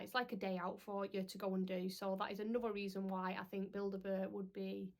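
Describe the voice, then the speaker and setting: A woman's voice: medium pitch, fairly bright tone. A young woman, chatting casually to camera as a parenting vlogger, rambling with lots of "um"s.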